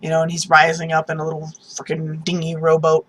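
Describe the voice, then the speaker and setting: A woman's voice: low voice, brisk, slightly rough, poor audio. Chatty woman reviewing a TV episode. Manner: animated, many ums and restarts, acts out reactions. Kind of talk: casual spoken review.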